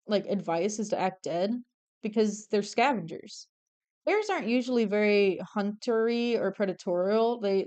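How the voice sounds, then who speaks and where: Chatty young woman with a smooth voice. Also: mid-range voice. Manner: chatty, excitable, swears freely. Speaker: artist streamer. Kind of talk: casual chat while drawing.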